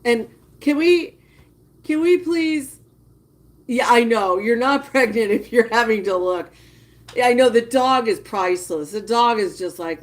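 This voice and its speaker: A woman livestreamer talks slowly in a voice on the high side, animated as she chats to her viewers. Her casual live-stream commentary is full of disgusted, drawn-out reactions.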